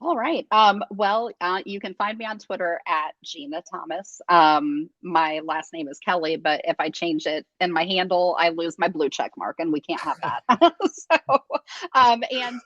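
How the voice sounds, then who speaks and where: A woman's voice: lowish voice, unhurried, a bit bright, dry recording, highs cut off. A woman guest on a sports podcast, talking in a chatty way with many fillers and easy laughs. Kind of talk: casual podcast chat.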